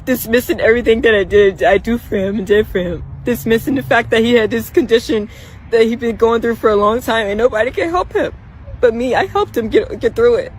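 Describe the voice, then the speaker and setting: A woman rambling in a personal vlog outdoors in a park, soft-spoken and halting, repeating her words. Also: fairly high pitch, slight background noise, poor audio.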